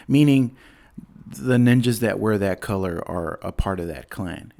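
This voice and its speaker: A male podcast host talks through a movie at an unhurried crawl. His low voice carries a gravelly fry, and he rambles with fillers and little chuckles. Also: a little mellow. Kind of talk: casual movie-review chat.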